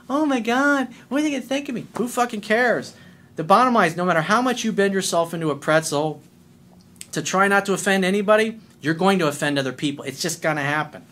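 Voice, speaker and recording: A middle-aged man with a somewhat high-pitched voice speaks in a blunt, combative monologue. He swears freely and hammers his points home with emphatic, confrontational delivery. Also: fairly bright tone. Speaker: life coach.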